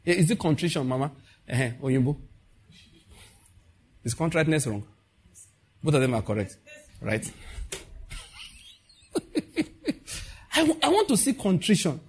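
Husky Nigerian preacher, lively delivery. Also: male voice, on the high side. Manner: animated, acts out quoted dialogue, asks the audience questions. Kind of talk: conversational sermon.

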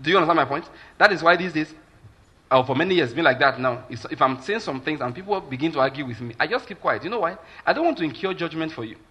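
A man's voice: a little high, expressive, fast talker, sharp tone, slightly rough. A Nigerian man preaching a sermon as a pastor, emphatic and keeps asking his listeners whether they follow.

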